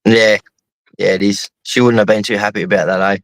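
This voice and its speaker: Blunt, swearing Australian bloke. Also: male voice, lowish voice, steady tone, fairly quick, no echo, low-quality recording. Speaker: host. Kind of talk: casual chat.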